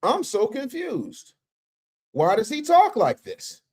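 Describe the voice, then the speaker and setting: Man, livestream host, high voice, very lively pitch, mocking roasting, casual reaction commentary. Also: takes it slowly, slightly rough. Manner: mocking, rowdy roasting with shouted asides.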